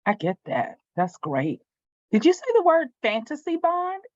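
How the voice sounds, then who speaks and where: A woman's voice: high-pitched, wildly swooping pitch, measured pace, darkish tone, no room sound, highs cut off. A woman hosting a casual panel chat, enthusiastic and effusive, passing the floor to guests. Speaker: host.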